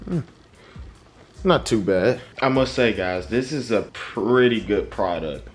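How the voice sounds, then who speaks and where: A young man hosting a casual car-care vlog, chatting in a relaxed, informal way with slang. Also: on the low side, takes it slowly, soft background music. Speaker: car detailing vlogger. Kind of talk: casual product review vlog.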